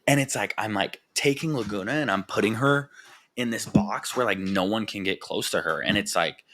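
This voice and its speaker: A young man with a low voice talks candidly into a podcast mic. He rambles, swears freely and leans on filler words as he works through his thoughts. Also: moderate pace, a bit bright. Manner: rambling, frank and profane, full of "like" fillers. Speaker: podcast host. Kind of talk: candid personal podcast monologue.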